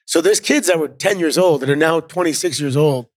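Relaxed Canadian man telling stories. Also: a little high, a little fast, dry recording, clean studio sound. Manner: relaxed storyteller, many fillers. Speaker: guest, former wrestler. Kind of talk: casual interview chat.

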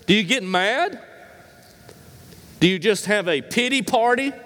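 High-voiced preacher in a reverberant hall. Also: male voice, expressive, unhurried. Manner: rhetorical questions, swings between high emphatic and low quiet delivery. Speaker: pastor. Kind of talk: sermon.

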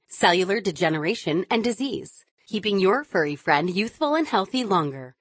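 A woman's voice: medium pitch, no room sound. Ad voice, woman, polished scripted read, dry booth. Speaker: commercial announcer.

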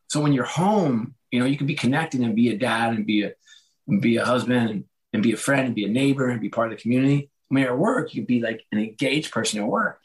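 A hoarse man talking as a guest, telling stories in a casual, animated way and acting out the quoted voices with big pitch jumps. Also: fast, low-quality recording. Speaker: guest author. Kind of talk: casual storytelling conversation.

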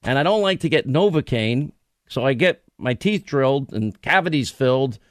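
A man's voice: medium pitch, lively intonation, moderate pace, no room sound. A man hosting a talk radio show, delivering a rambling, emphatic, conversational monologue into a studio microphone.

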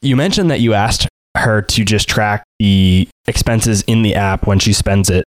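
Male podcast host, low voice, relatable and conversational, dry recording. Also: unhurried, dry recording. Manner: friendly, relatable, asks long lead-in questions. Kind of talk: interview hosting.

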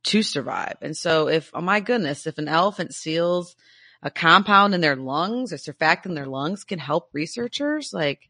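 A woman co-hosting a podcast with a bright, forward tone, talking about science with eager enthusiasm. She rambles and laughs easily, heard on a dry, close mic. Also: low-pitched, expressive, moderate pace, no room sound. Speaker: podcast co-host. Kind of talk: casual science chat.

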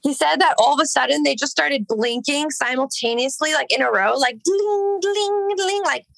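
A young woman from Los Angeles tells a rambling story in a casual chat, peppering it with "like" and curse words. Her voice is bright and gravelly with plenty of vocal fry, recorded close and dry. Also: high voice, brisk, no echo, rough recording. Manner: rambling, heavy filler "like", swearing. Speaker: singer, podcast guest.

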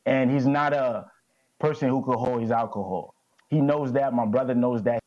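A man's voice: medium pitch, moderate pace. Dismissive man testifying, dull sound. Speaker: defendant. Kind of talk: courtroom testimony.

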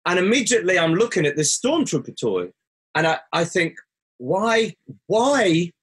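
A man with a somewhat high, breathy and husky voice tells a personal story as a guest. He speaks earnestly and reflectively. When he quotes what he said or thought, his voice leaps sharply upward. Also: big pitch swings, a little fast, fairly bright tone. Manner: earnest, rises sharply when quoting himself.

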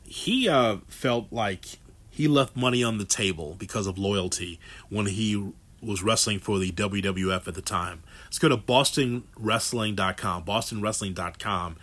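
A man's voice: fairly low pitch, measured pace, fairly bright tone. A man hosting a show, introducing clips in a conversational way. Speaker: show host. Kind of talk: casual commentary.

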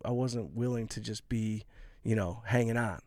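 A man's voice: lowish voice, moderate pace, darkish tone, no echo, studio quality. Man, comedian guest, talking earnestly. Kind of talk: casual interview chat.

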